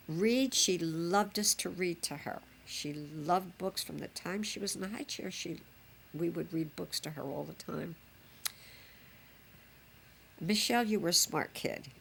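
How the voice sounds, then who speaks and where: In this home recording, a grandmother with a fairly low, vocal-fry voice looks back fondly on the past, talking in a chatty, rambling way full of fillers. There's a little background noise.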